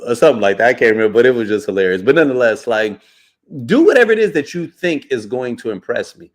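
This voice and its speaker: A podcast host riffs through a loose, casual commentary monologue at a moderate pace, his voice at an ordinary middle pitch for a man. He's animated, blunt and profane, full of slang and swearing, constantly checking in with "you know" and "right?"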